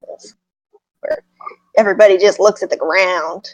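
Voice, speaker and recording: A woman's voice: medium pitch, steady tone, moderate pace, dull audio. A woman running a tabletop game as dungeon master over voice chat, giggly and easygoing.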